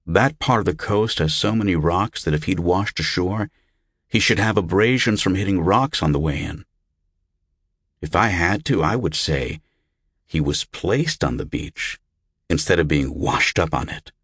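A man voicing a calm, puzzled monk physician who explains things in a measured, clinical way in a storybook reading. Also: low-pitched, breathy edge, no room sound, exaggerated voice.

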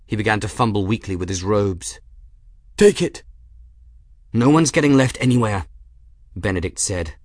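Male audiobook narrator, low register, even measured delivery, dry booth. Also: dry recording. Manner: steady measured reading, voicing characters in quotes. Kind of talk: scripted narration.

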